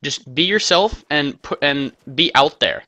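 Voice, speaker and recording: A man's voice: fairly high pitch, expressive, unhurried, bright, forceful tone, no room sound. A young American man giving casual gameplay commentary, rambling with self-mocking jokey asides. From United States. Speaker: gaming commentator.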